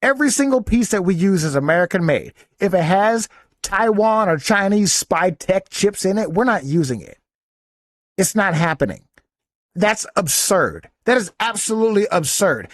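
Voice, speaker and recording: A man's voice: sits high, dry recording, studio quality. A man who is a soldier hosts a podcast, giving blunt, profane, indignant commentary. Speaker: podcast host reacting to a clip. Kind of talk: casual commentary rant.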